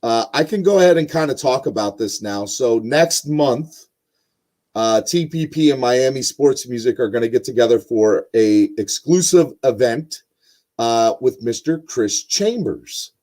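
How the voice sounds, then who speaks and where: Young male podcast host, mid-pitched, loose rambling delivery full of filler. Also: expressive, measured pace, dark tone. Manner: rambling, lots of ums and uhs. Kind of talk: casual sports podcast chat.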